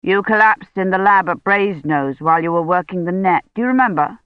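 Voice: medium pitch, a little fast, clear, resonant tone, no room sound, highs cut off, close to an everyday voice. A reader voicing a worried older man who questions anxiously and reassures a patient.

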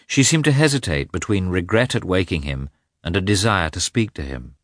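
A man narrating a classic novel aloud in a measured, expressive reading. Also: sits low, no room sound, clean studio sound. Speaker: audiobook narrator.

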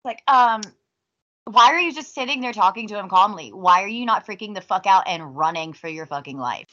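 A woman's voice: medium pitch, animated, brisk, pushed and bright. A woman co-hosting a movie podcast, incredulous and profane in a casual chat. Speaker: podcast co-host. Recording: dull lo-fi sound.

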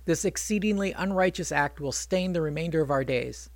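A man's voice: a little high, brisk, no room sound, lightly acted. A man voicing a remorseful archer hero who speaks hesitantly, in a spoken storytelling retelling.

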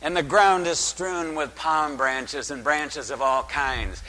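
A man who is a priest, delivering a dramatic sermon in church and asking the congregation rhetorical questions in a booming preacher's voice. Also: takes it slowly, a crowd in the background. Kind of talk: liturgical sermon. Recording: long church reverb.

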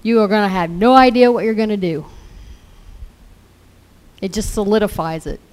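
A woman's voice: medium pitch, moderate pace, a little mellow. A woman preaching a sermon in an earnest way, repeating scripture lines as declarations.

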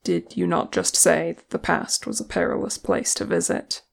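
A reader voicing a calm, soft-spoken male elf in a fan fiction audiobook, measured and quiet. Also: mid-range voice, vocal fry, exaggerated voice. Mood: stiff.

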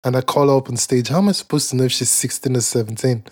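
A podcast co-host tells stories in a casual chat, rambling and profane, full of fillers, swearing and laughs. He speaks quickly in a medium-pitched, slightly mellow voice.

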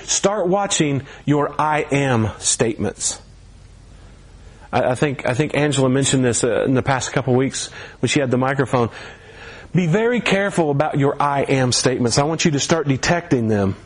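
A man's voice: medium pitch, expressive, normal speed. A middle-aged man preaching a sermon in a church, talking in a conversational way and lifting his voice for emphasis. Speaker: pastor. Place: church sanctuary.

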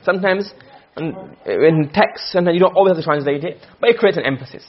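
A man teaching a class, lecturing quickly and often checking with his students. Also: fairly high pitch, slightly rough, dull audio. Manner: quick, questioning students often, mixing Arabic terms. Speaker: teacher of Arabic rhetoric.

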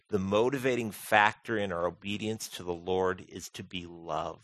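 A man preaching a sermon as pastor, animated and humorous, acting out quoted voices. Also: on the low side, no echo.

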